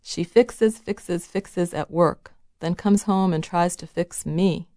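A woman reading the lines of a gruff, blunt older father who barks out sardonic remarks. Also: lowish voice, a little slow, darkish tone, no echo, studio quality. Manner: barking, sardonic.

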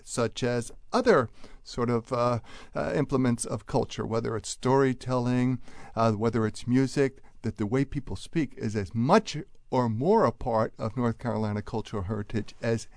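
A man who is a linguist, a radio guest explaining things in an animated way with quick restarts. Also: medium pitch, no room sound, studio quality.

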